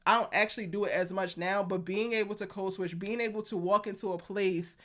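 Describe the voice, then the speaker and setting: A woman's voice: medium pitch, fairly even intonation, a little fast, fairly bright tone. A young woman with a Baltimore accent hosting a casual live stream, chatting and reading viewer comments aloud with frequent laughs.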